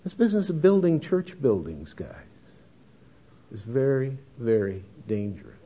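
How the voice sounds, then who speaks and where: A man's voice: medium pitch, wildly swooping pitch, measured pace, mellow, slightly rough. Guy giving a folksy missions talk, keeps saying folks, punchy and emphatic, kinda dull old tape sound. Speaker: missions speaker. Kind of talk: missions lecture with anecdotes. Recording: dull lo-fi lecture recording.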